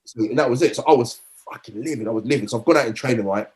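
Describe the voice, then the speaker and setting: A man's voice: medium pitch, racing, a little mellow. A middle-aged man, a former footballer telling rambling anecdotes in a podcast interview, often restarting and acting out quotes.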